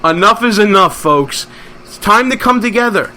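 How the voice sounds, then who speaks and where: A man's voice: high voice, expressive, moderate pace, sharp tone, slight background noise. A man hosting a political talk show, speaking in an emphatic, rallying, conversational way. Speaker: host.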